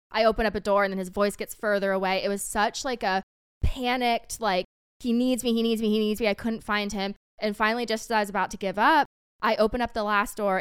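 A woman's voice: medium pitch, smooth, no echo, clean studio sound. A young woman chatting casually on a podcast and telling a story, with lots of fillers. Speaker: podcast guest.

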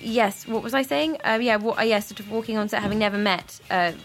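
A woman's voice: fairly high pitch, fast talker, faint music behind. A young woman telling anecdotes as a guest in a radio interview, chatty and self-deprecating, laughing often. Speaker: actress guest.

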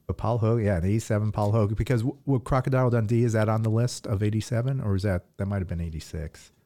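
A man's voice: on the low side, fast, mellow. A man co-hosting a podcast, teasing and quizzing his partner in casual chat. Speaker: podcast co-host.

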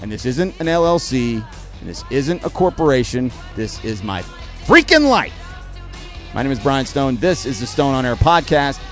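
Man, podcast host, blunt exasperated rant, lively swooping pitch, outdoor market, faint music behind. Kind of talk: opinionated political rant.

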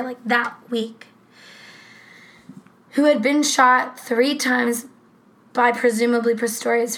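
A woman co-hosting a casual true-crime podcast, talking in a rambling, profane, animated way. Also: on the high side, low-quality recording. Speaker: podcast co-host.

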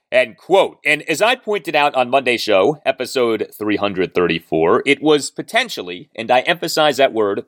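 A man hosting a sports talk podcast, reading ads and giving emphatic, measured commentary. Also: fairly low pitch, fairly bright tone, dry recording, clean studio sound. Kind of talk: podcast commentary and host-read ad.

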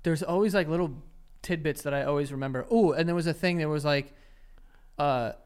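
A young man co-hosting a podcast in casual chat, gossipy and animated, cursing often. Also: fairly high pitch, brisk, clear, resonant tone. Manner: animated, swears a lot, gossipy. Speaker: podcast co-host.

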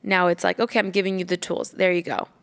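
A mother telling a story in casual chat, animated, swearing freely and acting out what she said. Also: on the low side, fast talker. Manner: animated, swears freely, acts out quoted lines.

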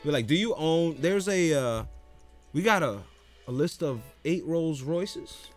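A man co-hosting a casual chat, relaxed and profane, who laughs often while telling stories. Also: on the high side, measured pace, faint music behind. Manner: laid-back storyteller, swears freely, laughs often.

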